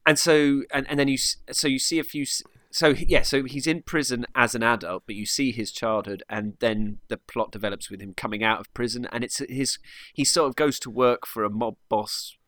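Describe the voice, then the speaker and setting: A man's voice: mid-range voice, steady tone, normal speed, few pauses, fairly bright tone, no room sound, studio quality. A man co-hosting a casual film review chat, talking loosely with frequent laughs and restarted sentences. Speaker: podcast co-host.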